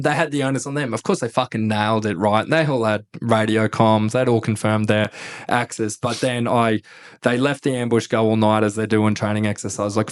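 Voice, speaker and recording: Australian guy in his thirties, ex-officer guest, lively yarn-spinner, salty language, laughs through his stories. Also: on the low side, clear, resonant tone. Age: 30s. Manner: animated, laughing, swears a lot, acts out quotes. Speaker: podcast guest, former army captain. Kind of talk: casual storytelling interview.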